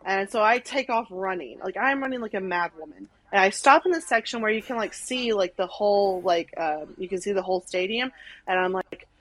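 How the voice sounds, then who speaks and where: A young woman from Arkansas, a podcast guest telling a story in animated casual chat, full of "like" and acted-out quotes. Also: mid-range voice, brisk, low-quality recording. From Arkansas, USA. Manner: animated, many "like"s, acts out quotes.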